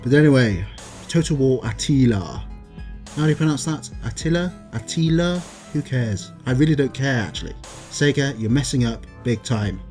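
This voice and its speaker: A man's voice: mid-range voice, animated, normal speed, a little mellow, soft background music. A man from England ranting casually about a game company, exasperated and sarcastic, with sighs and asides. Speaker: gaming video creator. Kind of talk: casual gaming rant.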